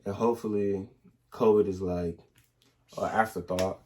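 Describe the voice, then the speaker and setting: A young man, casually telling animated stories in a couple's Q&A, full of slang and restarts. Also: deep voice, normal speed, slight background noise. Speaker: soldier in the Army, husband.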